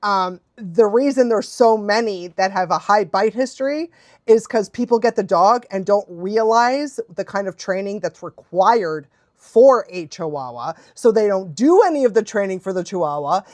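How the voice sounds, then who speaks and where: A woman's voice: medium pitch, expressive, moderate pace, a little mellow, no room sound. A young adult woman chatting casually on a live stream as a dog trainer, bubbly and laughing often.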